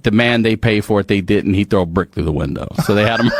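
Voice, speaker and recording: Animated low-voiced man telling stories. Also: heavy background noise. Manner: profane, animated storytelling with restarts. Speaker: guest. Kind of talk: casual storytelling.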